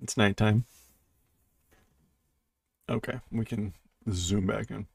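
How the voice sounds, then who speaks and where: A man's voice: on the low side, fairly even intonation, slow pace, vocal fry, husky, no echo, clean studio sound. A man casually reading a comic aloud, translating as he goes and mimicking its sound effects with playful noises. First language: English. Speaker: streamer reading manga aloud. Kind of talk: casual read-through with translation.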